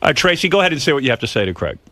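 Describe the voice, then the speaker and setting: Radio talk host, man, quick needling questions with an expressive pitch. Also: crowd noise. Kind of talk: radio talk show hosting.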